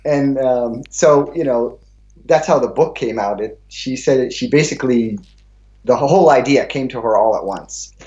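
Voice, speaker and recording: A man from America, a pediatrician, speaking as a guest over a video call in a relaxed, hesitant way. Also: mid-range voice, moderate pace. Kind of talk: casual interview on a video call. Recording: echoey, dull video-call audio.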